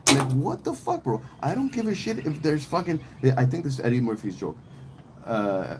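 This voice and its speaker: A man's voice: on the high side, big pitch swings, moderate pace, darkish tone, a little hiss or hum, poor audio. A man talking on a podcast in a casual, opinionated way, rambling and emphatic, with plenty of slang, swearing and restarts. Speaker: podcast host.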